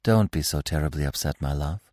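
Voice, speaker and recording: A man reading an audiobook, voicing a young male deer who speaks earnestly and gently. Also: on the low side, very animated, normal speed, dry recording, studio quality.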